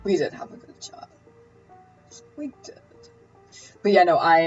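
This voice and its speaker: A woman chats through the end of a cooking stream in a low, loose, rambling way and laughs easily, her voice worn from hours of talking. The audio is dull and lo-fi, with faint music playing underneath. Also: sing-song, a little slow, pauses often, a little mellow. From Canada. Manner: chatty and rambling, laughing often. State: losing her voice. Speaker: live-stream cooking host. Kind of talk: casual live-stream chat.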